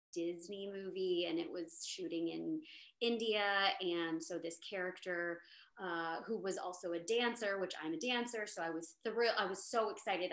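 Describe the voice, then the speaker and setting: A woman's voice: fairly low pitch, fairly bright tone. Chatty woman in a roomy echo. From Texas, USA. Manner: chatty storyteller, lots of fillers and restarts. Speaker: actor on a panel. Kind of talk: casual panel chat.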